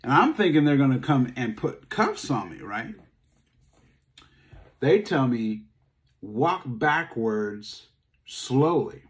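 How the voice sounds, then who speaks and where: Man telling a personal story, animated. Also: unhurried, long pauses. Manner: animated, acts out dialogue, voice jumps high when upset; casual, conversational phrasing. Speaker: speaker.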